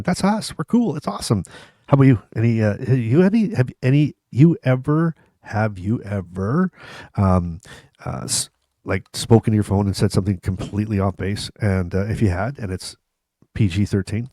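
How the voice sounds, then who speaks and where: A man's voice: on the low side, warm tone, dry recording, clean studio sound. Chuckling man in his fifties, rambling. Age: 50s. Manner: rambling, chuckling, self-mocking, many restarts. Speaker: vlog host. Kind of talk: casual humorous storytelling to camera.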